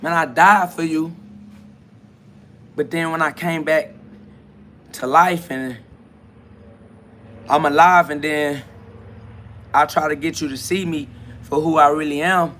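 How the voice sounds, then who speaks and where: A man with a high, bright voice hosts his own podcast in a freewheeling spiritual monologue. He rambles in a conversational way, keeps saying "you feel me," and laughs often. His voice swings between loud bursts and hushed stretches. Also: steady tone, slow, pauses often, a little hiss or hum. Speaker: podcast host.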